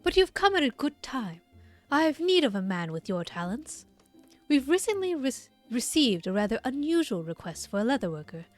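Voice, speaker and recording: A woman voicing a brisk, teasing female guildmaster, a bit higher than her own voice. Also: big pitch swings, no echo, faint music behind.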